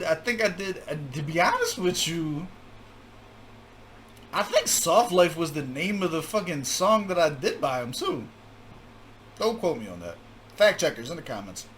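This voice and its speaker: Lively, bright-voiced man reacting to music. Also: a little high, slight background noise. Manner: animated, laughing, joking asides. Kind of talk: casual reaction commentary.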